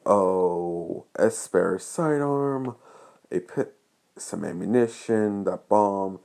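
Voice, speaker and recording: A man's voice: fairly low pitch, drawn-out words, gravelly, a little mellow, full character voice. A man voicing a brash, crude young woman who is a sniper student. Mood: annoyed. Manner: crude, cocky, swears freely.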